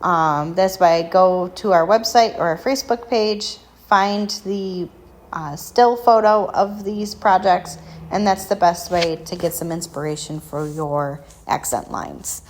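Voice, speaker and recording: A woman's voice: lowish voice, a little slow, slight background noise. A woman hosting a painting and crafting tutorial, talking casually and self-deprecatingly with frequent ums. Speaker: craft shop tutorial host.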